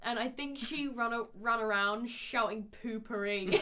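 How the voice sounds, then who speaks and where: A young woman from the UK hosting a casual podcast chat, giggly, with loud bursts of laughter. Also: fairly high pitch, moderate pace, noisy background. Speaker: podcast host.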